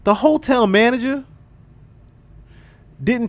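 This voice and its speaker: Man streamer, lively swooping pitch, profane, repetitive casual commentary. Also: moderate pace, pauses often, no echo. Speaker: livestream commentator.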